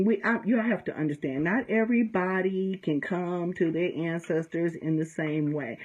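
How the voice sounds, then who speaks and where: A woman's voice: lowish voice, darkish tone, slightly rough, low-quality recording. A middle-aged woman from the United States, a conjure practitioner, giving blunt, profane, straight-talking advice in a casual teaching talk, often checking in with "okay?". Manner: emphatic storytelling with frequent "okay?".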